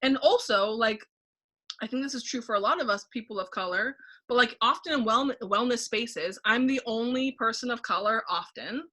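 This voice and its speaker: On a relaxed podcast, a painting facilitator tells her story as a guest with lively energy, replaying her thoughts aloud and leaning heavily on "like". Her voice is bright and forceful, pitched a little high, at normal speed.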